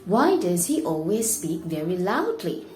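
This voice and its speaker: A woman's voice: lowish voice, very animated, unhurried, darkish tone. A woman with an Indonesian accent teaching an English lesson, speaking carefully and stressing key words. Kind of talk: explanatory lesson. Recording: echoey room with faint noise.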